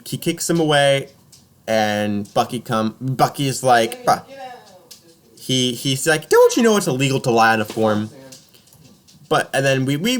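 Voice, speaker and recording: A young man casually recapping a film on a podcast, joking and slipping into silly character voices. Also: mid-range voice. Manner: animated, jokey, slips into silly voices for characters.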